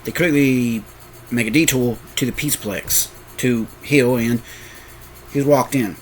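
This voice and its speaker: A man's voice: mid-range voice, measured pace, slight background noise, rough recording. A sleepy man narrating a fan story off the cuff, rambling and often correcting himself. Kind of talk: improvised fan story reading.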